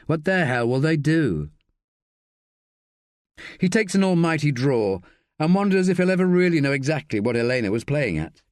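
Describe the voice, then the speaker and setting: Expressive male audiobook narrator. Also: medium pitch, no room sound, clean studio sound. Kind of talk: scripted narration.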